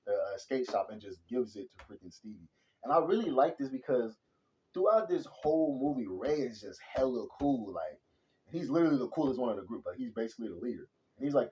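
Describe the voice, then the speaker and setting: A man giving a casual, slang-heavy movie review, animated and chatty, calling everyone "bro.". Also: mid-range voice, muffled recording. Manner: slangy and animated, says "bro" and "hella" constantly.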